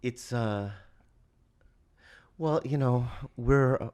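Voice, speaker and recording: A man chatting on a podcast as the guest, an animated storyteller who mimics other voices. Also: mid-range voice, extremely slow, clear, resonant tone. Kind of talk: casual podcast chat.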